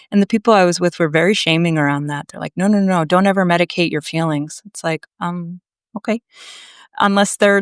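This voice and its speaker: A woman from Massachusetts, a naturopathic doctor, telling her story to a podcast host in a blunt, animated way. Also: on the low side, clear, resonant tone, dry recording, studio quality. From Massachusetts, USA. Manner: animated, emphatic, blunt, swears freely. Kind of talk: conversational storytelling.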